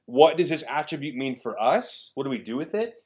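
A man's voice: medium pitch, very animated, a little fast, breathy edge. A man in his thirties, a pastor teaching a Bible lesson and asking the listeners questions as he goes. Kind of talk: sermon.

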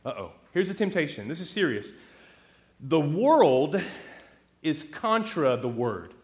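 A man preaching a sermon, animated and talking straight to the congregation with rhetorical questions. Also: a little high, measured pace. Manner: asks the audience rhetorical questions; animated, talks straight to the crowd.

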